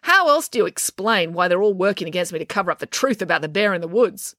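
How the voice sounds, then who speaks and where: A woman voicing a fiery teenage girl with an indignant, excitable manner. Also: lowish voice, quick pace, no room sound, clean studio sound.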